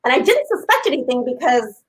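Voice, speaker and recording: A woman in her fifties hosting a casual live stream, gushing and talking loudly to her viewers. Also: high-pitched, sing-song, a little fast, rough recording. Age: 50s. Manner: effusive and gushing, talks loudly.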